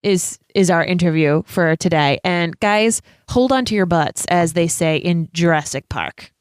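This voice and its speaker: A woman's voice: fairly low pitch, unhurried, smooth, no echo, studio quality. A woman hosting a podcast, chatty and enthusiastic. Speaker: podcast host. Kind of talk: casual podcast chat.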